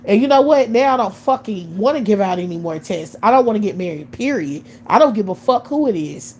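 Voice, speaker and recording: A woman's voice: mid-range voice, animated, fairly quick, darkish tone, slight background noise, poor audio. A woman in her late thirties ranting bluntly on a live stream, scornful and swearing constantly. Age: 30s. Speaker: livestream host. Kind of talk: profane live-stream rant.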